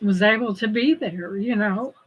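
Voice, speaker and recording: Tearful woman vlogger, halting speech. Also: medium pitch, husky, dull audio. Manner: tearful, halting, many restarts. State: teary, choked up. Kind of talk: casual livestream chat.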